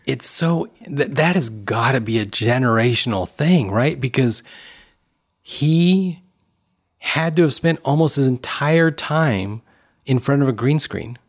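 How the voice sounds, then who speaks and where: Man, casual co-host, opinionated, animated retelling, mid pitch. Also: measured pace. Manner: opinionated, talkative, acts out quotes. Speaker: podcast co-host. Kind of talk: casual chat.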